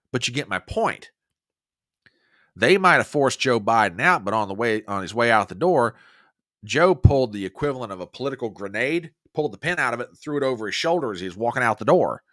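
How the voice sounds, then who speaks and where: A man hosting a political talk show, delivering opinionated commentary with a lively, swinging pitch. His voice is forceful and pressed, and he talks emphatically, often restarting sentences. The recording is dry and close, with no room sound. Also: a little fast, no echo. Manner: emphatic and animated, with frequent restarts. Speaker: host of a conservative political podcast.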